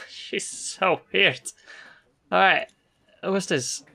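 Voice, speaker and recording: A woman's voice: lowish voice, drawn-out words, gravelly, pushed and bright. A woman hosting a let's play, chatting casually and giggling between lines of game dialogue.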